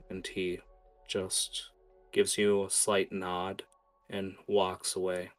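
A man narrating as game master of a tabletop game, quick and hesitant, with many fillers. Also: low voice, completely flat delivery, faint music behind.

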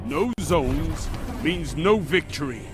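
A curt, commanding game announcer, pitched high and calling out the zones over booming music and gunfire. The callouts sound clipped and sure. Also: male voice, expressive, takes it slowly.

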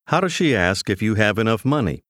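A man reads language-course prompts in a clear, measured way. His voice sits low, but his pitch moves with real animation. The recording is close and dry, with no room sound. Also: big pitch swings, fairly bright tone, dry recording. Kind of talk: scripted instructional narration.

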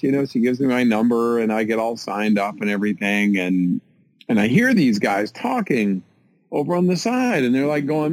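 A man's voice: lowish voice, normal speed, no echo, rough recording. Self-mocking American man telling a story. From United States. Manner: animated, self-mocking, many fillers and restarts. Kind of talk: casual storytelling in an interview.

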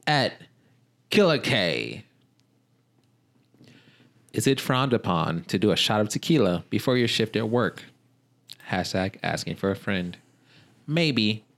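Deadpan lower-voiced man co-hosting a podcast. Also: takes it slowly, gravelly, pauses often. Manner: dry, deadpan jokes. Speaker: podcast co-host. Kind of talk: casual chat.

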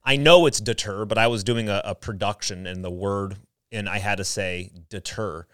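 A man co-hosting a casual podcast, telling self-deprecating anecdotes in an animated way. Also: fairly low pitch, moderate pace, clean tone, no echo, studio quality. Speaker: podcast co-host. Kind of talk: casual chat.

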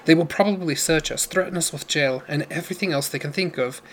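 A man voicing a hushed, urgent young woman. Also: a little high, quick pace, slight background noise, close to an everyday voice. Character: earnest young woman diamond courier, urgent. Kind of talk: audiobook character voice.

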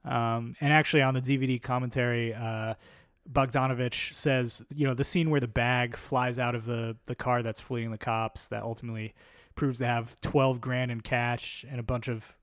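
A man's voice: medium pitch, flat delivery, moderate pace, fairly bright tone, no room sound, clean studio sound. A man hosting a podcast in casual chat, rambling with lots of fillers and swearing. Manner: rambling, filler-heavy, profane. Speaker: podcast host.

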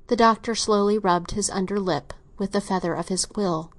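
A woman narrating a classic novel in a steady, even storytelling manner. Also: mid-range voice, normal speed, few pauses. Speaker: audiobook narrator. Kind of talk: scripted narration.

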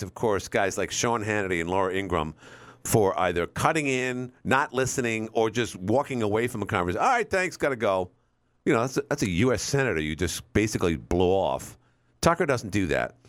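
A man hosting a talk radio show, chatting casually with callers in an animated, rambling way with frequent restarts. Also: lowish voice, no echo. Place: radio studio. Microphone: studio microphone.

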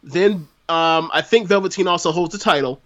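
Man, from Florida, high voice, chatty podcast co-host, rambling. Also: normal speed, fairly bright tone, highs cut off. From Florida, USA. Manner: chatty, lots of fillers and restarts. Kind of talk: casual wrestling chat.

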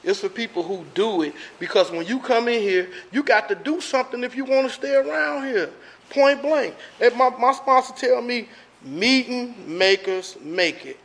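Earnest man with a high voice. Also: moderate pace, vocal fry. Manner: animated, earnest, acts out voices. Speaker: recovery speaker sharing his story. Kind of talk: storytelling share at a recovery meeting. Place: meeting room.

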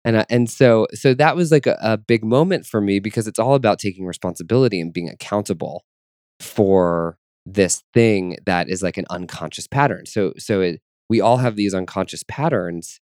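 Man, very low voice, earnest, reflective chat, dry close sound. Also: normal speed, darkish tone, dry recording. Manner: earnest, searching, many fillers and restarts. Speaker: guest.

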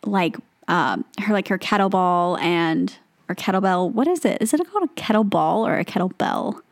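A woman's voice: lowish voice, lively intonation, moderate pace. A young woman co-hosting a podcast in casual chat, rambling with lots of fillers. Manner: chatty, filler-heavy, lots of "like" and "um". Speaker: podcast co-host.

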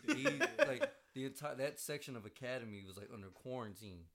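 A man's voice: medium pitch, wildly swooping pitch, brisk, vocal fry. A young man hosting a casual chat, telling a crude story full of profanity and laughter.

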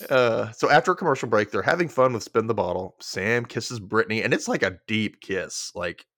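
A man's voice: brisk, no echo, studio quality. A man hosting a podcast, chatting casually through an episode recap and acting out characters' lines. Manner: animated, acts out characters' lines with big pitch jumps. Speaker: podcast host.

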